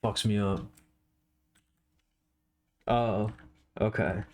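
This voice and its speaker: A tired man chatting casually on a live art stream, with a slow, drowsy, stoner-like drawl. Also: fairly low pitch, fairly even intonation.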